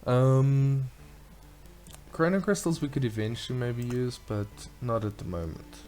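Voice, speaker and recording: A man's voice: mid-range voice, unhurried, warm tone, soft background music. A man hosting a let's play, chatting casually and reading game dialogue aloud in a playful way. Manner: chatty, playful, reads lines in silly voices.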